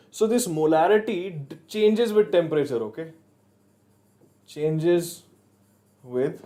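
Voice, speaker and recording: A man's voice: a little high, warm tone. A man with an Indian English accent teaching a chemistry class live online, casual and joking, slipping into Hindi now and then. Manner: casual, chatty, mixes in Hindi, jokes with students.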